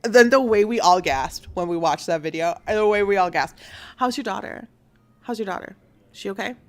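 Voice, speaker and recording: A young woman hosts a casual online news show, animatedly retelling a story and acting out the quotes with plenty of swearing. Her medium-pitched voice moves at a normal speed.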